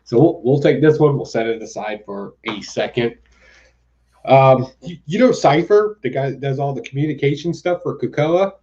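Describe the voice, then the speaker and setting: A man's voice: medium pitch, moderate pace, darkish tone, muffled recording. A man hosting a comic book podcast, chatting casually with sarcastic asides and frequent laughter. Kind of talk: casual comic review chat.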